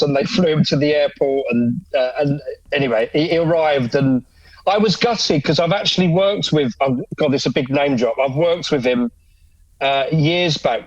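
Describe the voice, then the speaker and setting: Brief: middle-aged man, actor guest, chatty, self-deprecating, somewhat high voice, muffled dry recording. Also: no echo. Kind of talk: casual chat.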